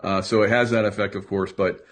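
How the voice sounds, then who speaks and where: A man's voice: on the low side, flat delivery, fairly quick. A man hosting a casual group video call, talking loosely with many fillers and restarts.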